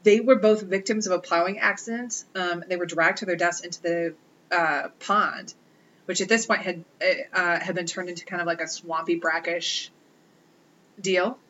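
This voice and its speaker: A woman's voice: fairly low pitch, fairly even intonation, normal speed, fairly bright tone, dull audio, slight background noise. A woman co-hosting a podcast, telling ghost stories in a wry, joking, casual way. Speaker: podcast co-host. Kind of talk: casual chat.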